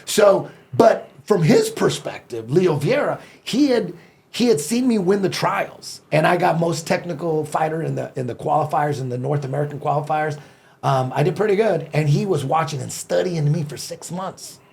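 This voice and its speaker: High, gravelly man telling a story. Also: normal speed. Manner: animated, profane, acts out his own past thoughts. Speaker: podcast guest. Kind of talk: casual storytelling.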